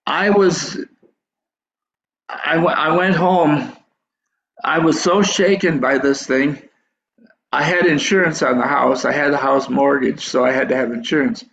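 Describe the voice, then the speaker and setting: A man's voice: fairly high pitch, fairly even intonation, measured pace, gravelly, pauses often, a bit bright, a little hiss or hum. An older man telling a dream story in a sermon, rambling and restarting his phrases. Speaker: preacher telling a dream testimony. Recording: dull echoey hall recording.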